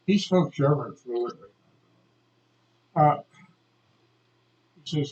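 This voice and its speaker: An older man telling a childhood story, acting out the people in it with shouted quotes. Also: on the high side, slow, long pauses. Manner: animated, acts out shouted quotes. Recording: dull lo-fi recording.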